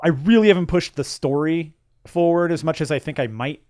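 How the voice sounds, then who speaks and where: Middle-aged male co-host, casual game chat, higher pitch, rambling delivery. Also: brisk, a little mellow, no room sound, studio quality. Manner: rambling, many restarts and fillers. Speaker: podcast co-host. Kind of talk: casual chat about video games.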